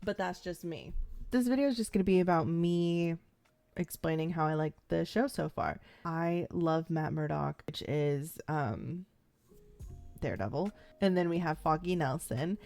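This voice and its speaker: Rambling young woman, mellow low voice. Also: a little slow, vocal fry, soft background music. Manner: rambling, lots of "like" and "um" fillers; playfully acts out characters' lines. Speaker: vlogger reacting to a TV series. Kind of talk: casual first-time-watch reaction chat.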